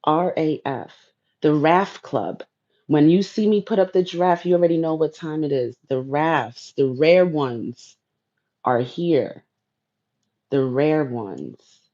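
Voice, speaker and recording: A woman with a low, mellow voice hosts a casual spiritual livestream, and the audio has a lo-fi quality. She's laid-back and playful, speaking directly to the viewers in her chat.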